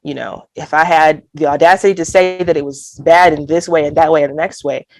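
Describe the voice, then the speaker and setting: A woman's voice: deep voice, steady tone, brisk, darkish tone, no echo. A woman from Alabama, speaking as a guest poet in an interview, talking candidly and earnestly with light laughs and quoted inner thoughts. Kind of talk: reflective conversational interview.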